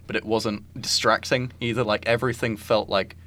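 A man's voice: lowish voice, flat delivery, moderate pace, a bit bright. A man co-hosting a podcast, chatting casually about films, with lots of "like" and "I think" fillers. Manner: rambling, many "like" and "I think" fillers. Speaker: podcast co-host. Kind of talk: casual film discussion.

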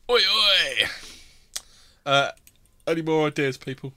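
A man's voice: fairly high pitch, expressive, slow pace, bright, forceful tone, dry recording. A man hosting a casual singalong on a group voice call, joking, swearing and half-singing along. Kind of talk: casual banter and pub singalong. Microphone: home computer mic on a voice call. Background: music playing.

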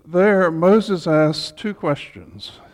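Man, Bible study leader, informal teaching, chatty with jokes, unhurried pace, long hall reverb. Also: fairly high pitch, a little mellow. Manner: chatty, with humorous asides. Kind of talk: informal teaching talk to a group.

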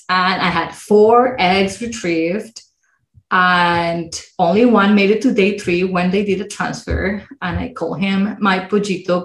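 A woman speaks as an interview guest, recounting a personal story with expressive delivery. Her voice sits at a middle pitch. The recording has a roomy echo around it. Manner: expressive, acts out other people's voices when quoting. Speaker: guest, mindset coach.

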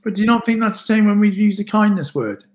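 Man, British accent, chatty, joking, morning show co-host, fairly high voice. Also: expressive, quick pace. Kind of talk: casual morning show chat. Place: home kitchen.

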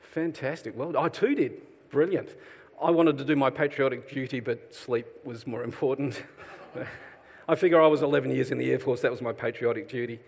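A man's voice: medium pitch, fairly quick, vocal fry. A middle-aged man with an Australian accent preaching a sermon in a chatty, self-deprecating way, joking with the congregation. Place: church hall. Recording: long hall reverb.

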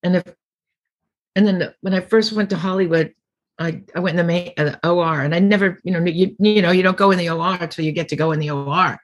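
A woman's voice: fairly low pitch, fairly even intonation, quick pace, lo-fi sound. Middle-aged comedian lady chatting, tells stories, does everyone's voices. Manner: rambling anecdotes, acts out quotes. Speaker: comedian guest. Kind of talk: casual storytelling interview.

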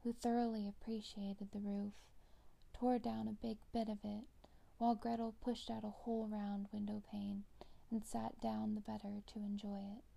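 A woman hosting a storytelling show, reading fairy tales softly in a hushed, half-whispered bedtime manner with a gravelly voice. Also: medium pitch, flat delivery, moderate pace.

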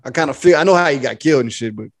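A man with a mid-range voice co-hosts a casual podcast, telling an animated story. Whenever he quotes himself, he shifts into a slow, bossy voice.

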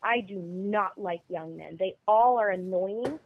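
A woman's voice: mid-range voice, unhurried, a little hiss or hum. A woman guest on a podcast, talking casually and bluntly. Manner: blunt, emphatic opinions. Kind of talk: casual conversation. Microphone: phone call. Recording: tinny phone line.

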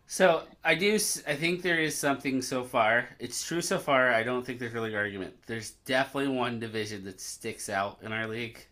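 A man's voice: medium pitch, brisk, few pauses, sharp tone. A man co-hosting a podcast, talking casually and hesitantly as he thinks aloud. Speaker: podcast co-host. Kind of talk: casual chat.

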